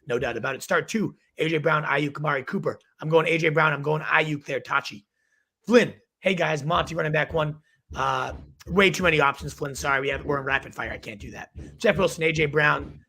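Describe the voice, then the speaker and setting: A young man hosting a live fantasy football advice show, firing off quick verdicts while losing his voice. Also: on the high side, bright, forceful tone.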